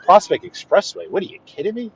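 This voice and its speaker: A man with a New York accent chatting to viewers while driving, greeting them by name and often clearing his throat. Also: high voice, wildly swooping pitch, fast, muffled recording, slight background noise. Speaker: livestream host driving. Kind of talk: casual live-stream chat while driving. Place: inside a car on city streets.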